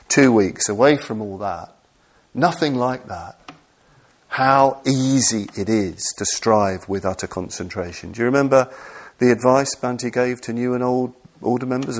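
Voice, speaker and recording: A man giving an earnest, self-deprecating Buddhist dharma talk, full of restarts and repetitions. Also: on the low side. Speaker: Buddhist teacher.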